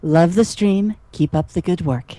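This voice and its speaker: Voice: mid-range voice, a little slow, warm tone, no room sound. Stream co-host reading comments, rambling, restarts sentences a lot, casual chat.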